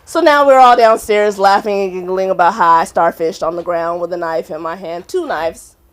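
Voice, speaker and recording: At an open mic on a comedy club stage, a young woman performs stand-up, telling a story with giggly, animated energy and loud acted-out voices. Her pitch sits fairly low and her pace is moderate.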